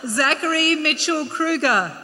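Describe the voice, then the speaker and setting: A woman's voice: high-pitched, animated, a little slow, in a large hall, noisy background. An Australian woman presenting graduates at a ceremony, reading names aloud and checking their pronunciation.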